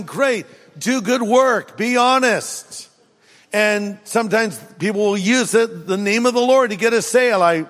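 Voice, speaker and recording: High-voiced male pastor preaching in a reverberant hall. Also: a bit bright. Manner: humorous, acts out everyday people in quick asides. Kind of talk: sermon.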